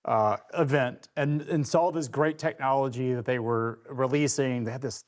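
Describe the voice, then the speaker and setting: A man's voice: medium pitch, normal speed. A man hosting a show, talking in a chatty, casual way and often restarting his sentences. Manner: chatty, repeats words when starting sentences. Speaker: show host. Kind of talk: casual chat.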